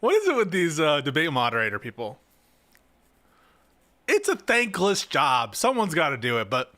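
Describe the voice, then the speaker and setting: A man's voice: a little high, wildly swooping pitch, normal speed, pauses often, pushed and bright, no room sound. A man hosting a casual reaction stream, making sarcastic jokes and laughing at the clips. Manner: sarcastic, laughing, joking asides. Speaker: streamer host.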